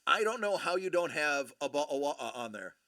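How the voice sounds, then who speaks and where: A man's voice: a little high, animated, normal speed, bright, forceful tone, no room sound, clean studio sound. A man co-hosting a live stream, chatting casually in a playful, self-mocking, theatrical way. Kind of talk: casual joking banter.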